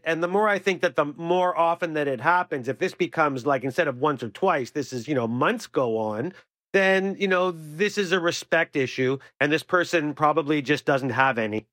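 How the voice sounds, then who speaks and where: A man's voice: a little high, fairly bright tone, dry recording, studio quality. A man co-hosting a radio show, giving advice in an earnest, emphatic, opinionated way. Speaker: radio co-host.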